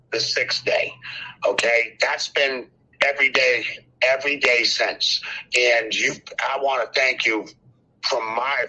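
Husky, forceful older male caller. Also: mid-range voice, highs cut off. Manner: fervent, preachy, repeats phrases for emphasis. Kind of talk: impassioned call-in speech.

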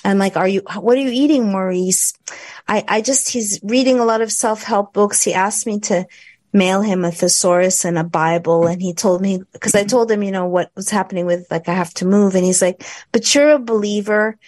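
A woman's voice: mid-range voice, fairly even intonation, a little fast, darkish tone, dry recording. A woman co-hosting a talk show, chatting in a rambling way with sarcastic asides. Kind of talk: casual chat.

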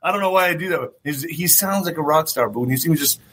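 A man talks straight to his viewers in a loose, rambling monologue, circling back to repeat his points and dropping the odd curse. His voice sits a little high and rings with a bright, forward tone. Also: fast talker, slight background noise. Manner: rambling, repeats phrases, swears. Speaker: show host. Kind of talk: casual commentary monologue.

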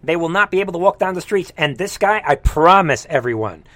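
A man's voice: high-pitched, animated, fairly quick, a bit bright, dry recording. A man hosting a live reaction commentary show, heated and scornful, with mocking asides. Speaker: political commentary host.

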